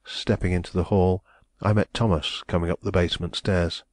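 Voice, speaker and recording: Man, audiobook narrator, deep voice, measured, solemn, dry recording. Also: little pitch movement, no echo.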